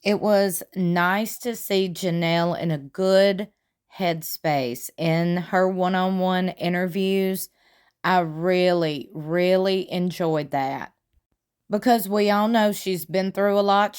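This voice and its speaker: A woman's voice: lowish voice, slow pace, clear, resonant tone. Chatty woman gossiping. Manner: chatty, gossipy, animated retelling with laughs. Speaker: reality TV commentator. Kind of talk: casual commentary.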